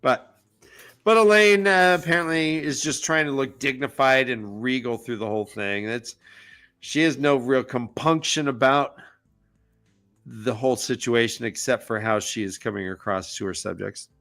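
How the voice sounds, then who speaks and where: A man co-hosting a casual book discussion, recapping the plot with jokey, animated asides. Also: medium pitch, normal speed, faint music behind. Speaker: podcast co-host.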